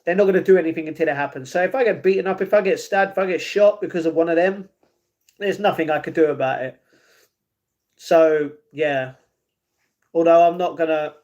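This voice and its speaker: A man's voice: fairly high pitch, brisk, a little mellow. A British man streaming live, rambling casually and answering messages from his chat.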